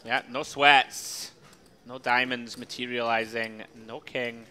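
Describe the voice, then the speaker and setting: Man, poker co-commentator, very bright voice, jokey, easygoing. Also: medium pitch, fairly even intonation, slow, smooth. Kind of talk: live commentary.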